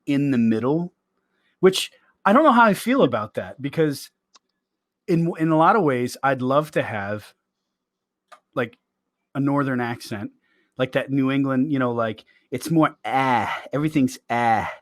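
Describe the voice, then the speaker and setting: Jokey man with a lively voice. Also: medium pitch, a little slow, pauses often, no echo, clean studio sound. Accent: mild mixed US accent with a slight Southern twang. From born in Rhode Island, raised in the US South. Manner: jokey, laughs often, tries out accents. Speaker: podcast co-host. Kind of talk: casual chat.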